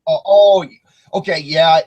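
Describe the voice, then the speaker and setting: A man hosting a casual podcast chat, excitable and rambling, swearing freely. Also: fairly high pitch, slow, lo-fi sound. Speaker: podcast host.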